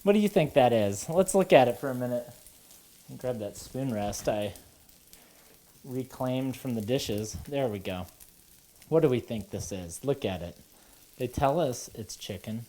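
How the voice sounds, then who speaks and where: A woman hosting a home cooking show, talking in a rambling, wry and self-deprecating way in her kitchen, a little nervous and halting. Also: extremely low pitch, dark tone. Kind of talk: rambling casual monologue while cooking. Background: running water and sizzling pan.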